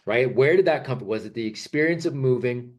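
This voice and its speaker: A man's voice: mid-range voice, expressive, fairly quick, darkish tone, dull audio. A man hosting a podcast, giving casual encouragement and stacking several questions in a row. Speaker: podcast host. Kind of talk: casual interview.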